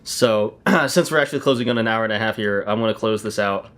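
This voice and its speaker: A man's voice: fairly low pitch, fast, fairly bright tone. A young man hosting a podcast, spinning joking stories in profane, casual talk. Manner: storytelling, profane, laughing often. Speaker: podcast host. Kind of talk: casual chat.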